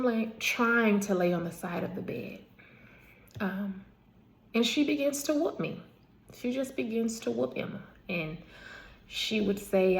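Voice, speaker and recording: A vlogger with a gravelly, medium-pitched voice tells her own life story in a casual, emphatic way. She repeats phrases for weight, corrects herself, restarts and adds asides.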